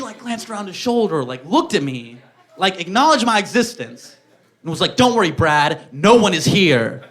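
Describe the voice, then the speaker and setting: A young man performing a stand-up comedy set, telling self-mocking stories and acting out the dialogue. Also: high-pitched. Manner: animated, self-mocking storytelling with acted-out dialogue.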